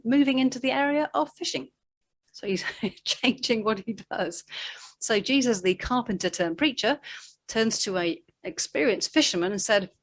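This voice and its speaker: A woman giving a conversational sermon, telling the story in a chatty way with asides. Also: mid-range voice. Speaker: preacher.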